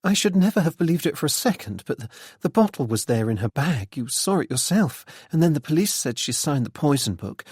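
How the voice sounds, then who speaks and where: A man voicing a sharp, guarded young woman. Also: fairly high pitch, breathy edge, dry recording, studio quality, voice pushed up.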